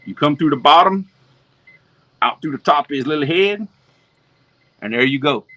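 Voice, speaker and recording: Hosting a laid-back fishing livestream, this Louisiana man talks his viewers through each step with a folksy Southern accent. His voice is slightly high and sharp in tone, with lively intonation at a normal speed.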